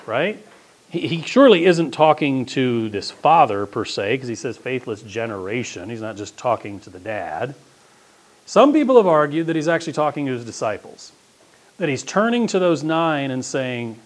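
A man's voice: medium pitch, very animated, normal speed. A man preaching a sermon as pastor, talking in a conversational, emphatic way.

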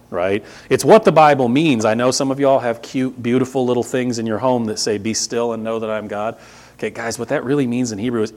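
A man's voice: medium pitch, animated, moderate pace. A man, preaching a conversational sermon with emphatic repetition. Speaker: pastor.

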